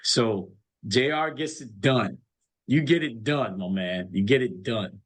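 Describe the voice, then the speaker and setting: A man's voice: mid-range voice, unhurried, slightly rough. Earnest storytelling coach, a man. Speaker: college basketball coach. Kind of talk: casual chat.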